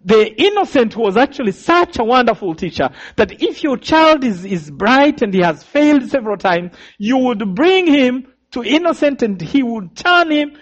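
Man, Rwandan accent, earnest testimony, very animated pitch, dull lo-fi recording. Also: moderate pace, few pauses. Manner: earnest, vivid storytelling, addresses listeners directly. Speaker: survivor giving testimony. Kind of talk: personal testimony talk.

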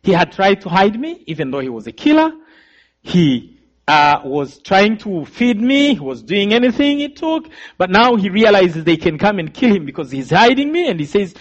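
A man's voice: high-pitched, sing-song, moderate pace. A man with a Rwandan accent giving an earnest personal testimony, telling his story vividly and speaking directly to his listeners. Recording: slightly dull lo-fi recording.

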